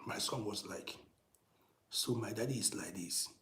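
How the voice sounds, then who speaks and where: A middle-aged man telling a personal story in a casual monologue, dropping to hushed whispers and rising to loud, emphatic bursts, often repeating and restarting phrases. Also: on the low side, a little slow, reverberant, a little hiss or hum. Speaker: storytelling channel host.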